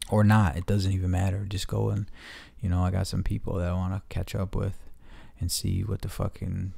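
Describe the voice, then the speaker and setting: This podcast host speaks from home in a low, creaky voice with a warm quality, and the audio carries no echo. His chat is casual and meandering, heartfelt and full of profanity.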